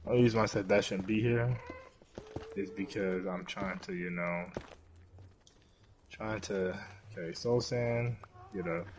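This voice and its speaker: A young man giving live gameplay commentary as a streamer, excitable, yelping and swearing at the game. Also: low-pitched, measured pace, pauses often, slight background noise. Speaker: gaming streamer.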